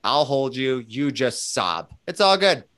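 A man's voice: medium pitch, sing-song, measured pace, fairly bright tone. A man in casual conversation who talks animatedly, swears freely and acts out bits of dialogue. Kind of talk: casual chat.

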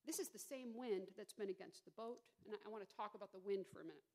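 A middle-aged woman pastor preaching a sermon, retelling a story with animated, dramatic emphasis. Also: mid-range voice, quick pace.

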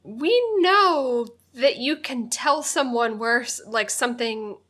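A woman's voice: fairly high pitch, lively intonation, slow pace, fairly bright tone. A woman co-hosting a podcast in casual chat, playful and giggly as she explains her points. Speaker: podcast co-host.

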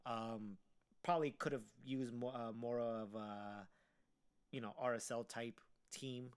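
Male co-host, mid-pitched, halting and roundabout as he works through his picks. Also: steady tone, clean tone. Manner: halting, thinks aloud. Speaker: podcast co-host. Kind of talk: casual chat.

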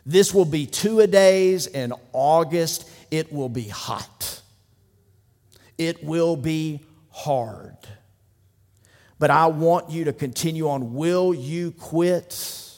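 A man's voice: a little high, slow, a little mellow. Passionate male pastor in a big hall. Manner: preaching with building repetition and rising intensity. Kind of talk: sermon. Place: church sanctuary. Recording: long reverb of a large hall.

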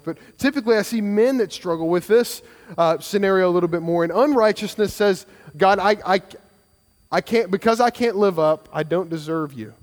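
A man's voice: high voice, in a large hall. A man preaching a sermon as pastor, earnest and conversational, with frequent restarts and repeated phrases.

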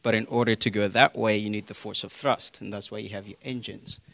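A British man explains physics in a casual, hesitant style and often pauses on fillers. His low voice is gravelly yet bright, and the recording is dry and close. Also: steady tone, dry recording. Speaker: guest explaining science.

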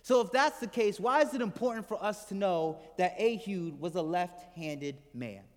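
A man preaching a sermon to a congregation, chatting and asking them questions, letting his voice drop soft and low at the ends of phrases. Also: expressive, normal speed. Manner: conversational, asks the congregation questions. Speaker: pastor. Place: church hall with congregation. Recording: hall reverb from the room.

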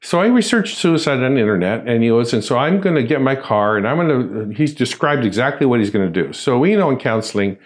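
A man tells a personal story in conversation, his voice rising and falling widely. He acts out what each person said with sudden jumps in pitch. His pitch sits in a middle register. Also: big pitch swings, quick pace, hardly any pauses. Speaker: church ministry volunteer.

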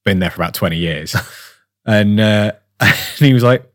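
A man's voice: on the low side, moderate pace, a bit bright, no room sound, studio quality. A tired man from England co-hosting a podcast in casual chat, rambling with lots of fillers and restarts. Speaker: podcast co-host.

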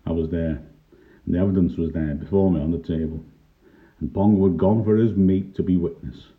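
Older male storyteller, wry and dry, deep voice on a tinny phone-like recording. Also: steady tone, fairly quick. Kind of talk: reminiscing first-person story narration. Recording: tinny lo-fi narrow-band recording.

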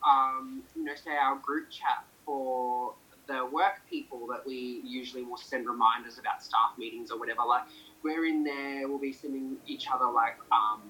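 A man being interviewed, talking in a relaxed, rambling way with many fillers. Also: mid-range voice, rough recording. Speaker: interview guest. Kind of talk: casual conversation.

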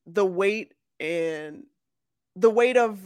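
A podcast co-host in casual chat, talking haltingly with many restarts. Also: medium pitch, smooth, dry recording. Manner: hesitant, stumbling restarts, slow.

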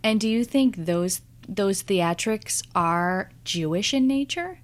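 A woman's voice: medium pitch, lively intonation, slow pace. A woman interviewing a guest, encouraging and attentive, with frequent short acknowledgements between her follow-up questions. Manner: encouraging, backchannels often. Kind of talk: conversational interview.

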